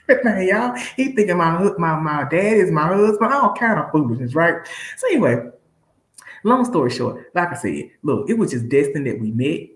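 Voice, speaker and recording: A woman's voice: lowish voice, expressive, fairly quick, echoey room, poor audio. A woman from Alabama hosting a live stream, talking casually and preaching to viewers she calls y'all. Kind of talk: casual motivational talk.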